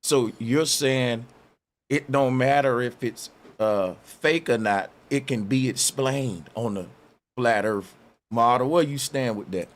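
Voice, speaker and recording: A man's voice: medium pitch, takes it slowly. A man hosting a casual podcast chat, laid-back, often affirming his guest with short interjections. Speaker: host.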